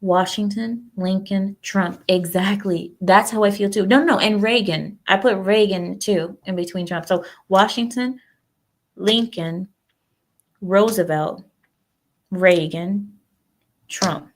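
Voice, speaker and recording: Female streamer host, rambling and outspoken, gravelly edge. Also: mid-range voice, takes it slowly. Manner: chatty, rambling, opinionated, talks back to chat. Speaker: livestream host. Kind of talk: casual political chat with viewers.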